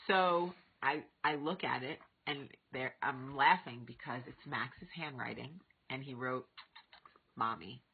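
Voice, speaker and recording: A woman in her thirties hosting a vlog, telling stories casually to camera and acting out quotes with big lively jumps. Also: rumbling low, measured pace, a little hiss or hum. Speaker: vlog host. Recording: tinny phone-like audio.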